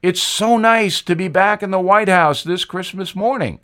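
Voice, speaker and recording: A man's voice: sits high, normal speed, fairly bright tone. A man doing a genial old ghost president.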